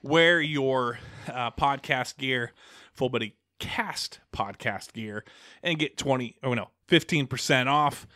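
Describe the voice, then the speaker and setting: A man's voice: medium pitch, slow, bright, forceful tone, no echo, studio quality. A young man hosting a casual podcast, rambling with lots of fillers and restarts, a little out of breath. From Pacific Northwest. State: slightly out of breath. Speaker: podcast host.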